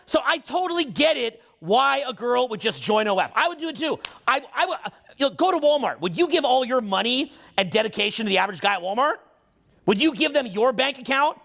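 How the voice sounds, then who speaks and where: A man's voice: extremely high pitch, sing-song, creaky, fairly bright tone. A man, a social skills coach, in a heated, profane, emphatic monologue that keeps picking up speed. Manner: talks fast, gets on a roll. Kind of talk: unscripted ranting monologue.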